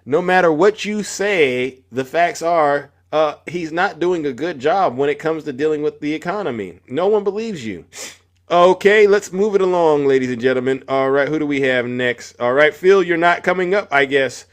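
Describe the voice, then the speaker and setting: A man hosts a live call-in stream, chatting casually about politics and animatedly calling out listeners by name. His voice is a little high, and he speaks at a moderate pace.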